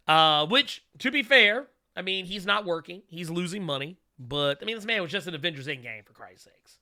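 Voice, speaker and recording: A male live-stream host rambles with animation, frequently restarting and slipping in quick remarks to viewers. His voice is very bright and ringing, pitched a little high.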